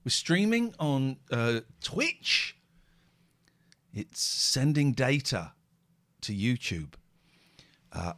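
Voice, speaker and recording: A man's voice: medium pitch, fairly bright tone, slight background noise. A man hosting a live phone-in stream, rambling and joking as he reads out chat messages. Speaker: host.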